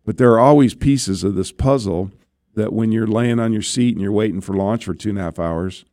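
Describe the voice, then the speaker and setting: Here a former astronaut talks a little fast in a fairly low, dark-toned voice, telling interview stories conversationally and often checking in with "right?". The sound is dry and clean, studio grade.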